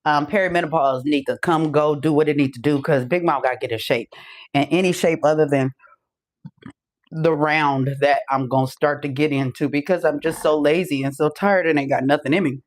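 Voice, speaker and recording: With a deep voice and a brisk pace, this podcast host, a woman in her forties, chats loosely on a casual live stream. She sounds out of breath and curses and laughs freely.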